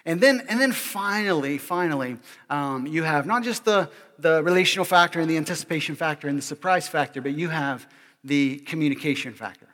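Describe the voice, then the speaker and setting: A male pastor giving a sermon in an animated, joking way, often checking in with the congregation. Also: on the high side, a little fast, in a large hall. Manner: animated and joking, keeps asking "all right?".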